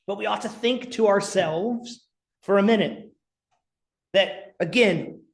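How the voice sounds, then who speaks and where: A man preaching a sermon as pastor, earnest, sometimes dropping to a near whisper for emphasis. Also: sits high. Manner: earnest preaching with dramatic quiet drops.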